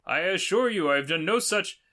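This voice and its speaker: A man's voice: high voice, animated, fairly quick, bright, forceful tone, voice pushed up. A man voicing an earnest, polite armored male knight hero with formal delivery.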